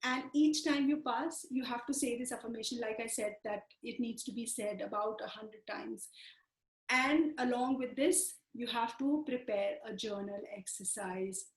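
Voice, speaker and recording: A woman teaching a self-help exercise, repeating phrases slowly to guide the listener. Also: fairly high pitch, echoey room, rough recording. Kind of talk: instructional self-help talk.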